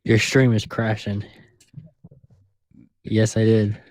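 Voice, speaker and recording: A man's voice: on the low side, flat delivery, slow pace, darkish tone, no room sound. A man in his twenties calling in to a livestream, mumbling and taunting the host. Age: 20s. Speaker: caller. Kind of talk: call-in argument.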